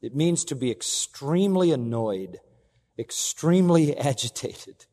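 A male pastor delivering an expository sermon at a middle pitch. He presses his points hard, climbing loud and high, then dropping low, and he keeps asking the congregation questions. The recording carries a long reverb tail from a large hall. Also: expressive, a little slow. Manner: emphatic preaching with big swings in pitch and loudness.

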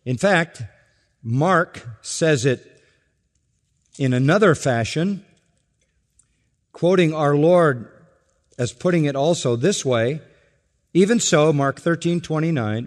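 A man preaching an expository sermon, slow and deliberate, stressing each point and asking rhetorical questions. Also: on the high side, lively intonation, long reverb tail. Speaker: pastor. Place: church sanctuary.

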